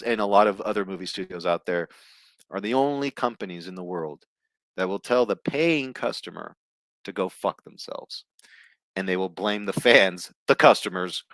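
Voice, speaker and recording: Profane, blunt YouTuber with a low voice. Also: male voice, normal speed, a bit bright, dry recording. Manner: profane, blunt, reads news aloud with asides. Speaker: movie news YouTuber. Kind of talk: casual ranting commentary.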